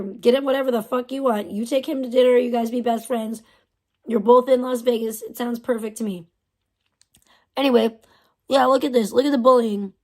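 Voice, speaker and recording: A woman's voice: fairly high pitch, darkish tone. A young adult woman hosting a livestream, ranting with heavy profanity and open scorn. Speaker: livestream host.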